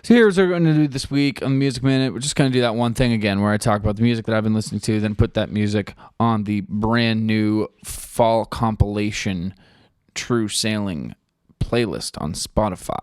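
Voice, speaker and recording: A man's voice: on the low side, normal speed, darkish tone, clean tone, dry recording. A man hosting a podcast, rambling casually in a studio, swearing freely and leaning on fillers. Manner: rambling, profane, full of fillers. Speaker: podcast host.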